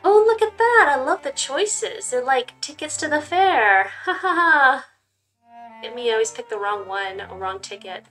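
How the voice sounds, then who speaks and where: A woman's voice: high-pitched, very animated, slow, fairly bright tone, faint music behind. A young woman hosting a game playthrough, chatting casually and reading aloud in a giggly way, full of likes and you-knows. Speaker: gaming channel host.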